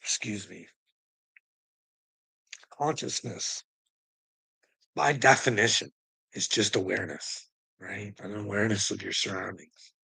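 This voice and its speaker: A man's voice: on the low side, measured pace, creaky, long pauses, bright, forceful tone, slightly rough, dry recording, rough recording. A man livestreaming, talking straight to his chat in a rambling, profane, preachy monologue, chuckling now and then.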